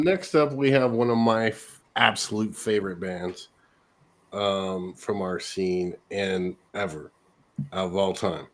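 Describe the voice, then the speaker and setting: Low voiced california dude hosting a radio show, hyped, laughs a lot, swears casually. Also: male voice. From California, USA.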